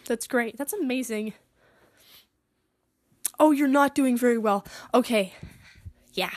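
Rambling young woman, slightly high voice. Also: slow, a little mellow. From Utah. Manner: awkward, self-deprecating, meandering. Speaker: podcast host. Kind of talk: rambling solo podcast chat. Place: her bedroom.

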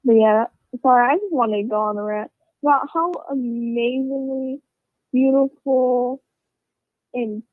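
A woman with a slightly high voice rambles through a casual story, cursing freely and piling on fillers. The sound is thin and phone-like, with a dry, close feel and no room echo. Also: measured pace. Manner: rambling, swears a lot, with lots of fillers.

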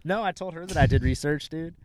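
A young man hosting a podcast, teasing his guest with dark jokes and swearing, recorded inside a car. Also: a little high, fast, a little hiss or hum. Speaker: podcast host. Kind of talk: casual podcast chat.

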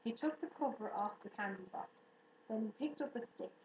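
A woman reads a storybook aloud in a steady, even manner. Her voice rings slightly in the room, with a faint hiss underneath. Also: a little high, fairly quick, reverberant, poor audio. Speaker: narrator. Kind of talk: audiobook reading.

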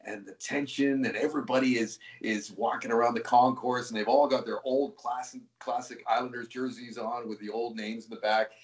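A man's voice: mid-range voice, brisk, hardly any pauses. Male hockey play-by-play caller as a guest, easygoing anecdotal storyteller, roomy sound. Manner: relaxed, rambling with frequent restarts.

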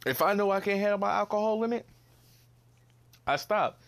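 A man's voice: high voice, moderate pace. A young man hosting a casual solo podcast, ranting bluntly, swearing and repeating himself in disbelief. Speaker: podcast host.

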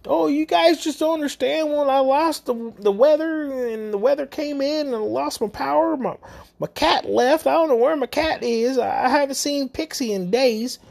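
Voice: normal speed, creaky, darkish tone. Someone putting on a wailing older woman in her sixties. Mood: self-pitying. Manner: high, wailing self-pity. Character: whiny older woman in her sixties throwing a store tantrum.

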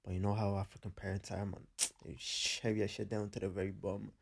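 Low gravelly young man chatting. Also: flat delivery, a little fast. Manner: laid-back, emphatic storytelling. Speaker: podcast co-host. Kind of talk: casual chat.

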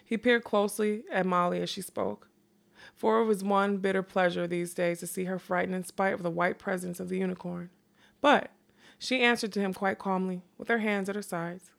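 A woman reading a fantasy novel aloud in an unhurried way, dropping in quick casual asides. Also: mid-range voice, steady tone, gravelly. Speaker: reader.

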